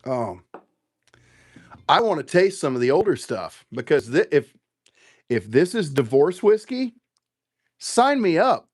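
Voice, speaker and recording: This bourbon livestream host has a fairly high voice with a breathy edge, speaking at a measured pace with long pauses. Profane and animated, he rambles while sampling whiskey and responding to viewers.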